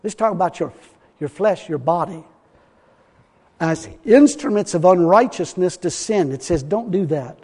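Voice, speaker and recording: High voiced guy preaching, folksy and emphatic, laughs a lot, echoey church hall sound. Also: lively intonation, normal speed, darkish tone. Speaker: pastor. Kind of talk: sermon.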